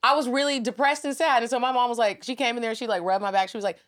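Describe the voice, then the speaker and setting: A woman in her thirties hosting a podcast, telling stories in emotive, animated casual chat. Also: a little high, very fast. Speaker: podcast host.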